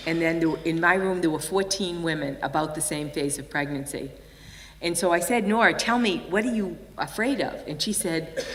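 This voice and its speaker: An older American woman with a lowish voice gives a storytelling keynote in a large conference hall, animatedly acting out the voices of the people in her stories. A distant mic picks her up in the reverberant room.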